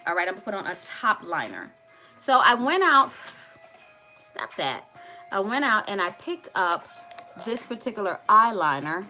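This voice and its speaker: Bright-voiced woman hosting a makeup livestream. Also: medium pitch. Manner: chatty, addresses viewers directly, playful asides. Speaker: makeup tutorial host. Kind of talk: live makeup tutorial chat.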